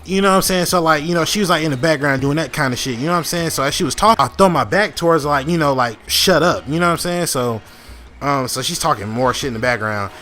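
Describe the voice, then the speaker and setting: This young gaming host talks fast in a fairly high, fairly bright voice, rambling through a long story over gameplay with lots of fillers, false starts, and swearing.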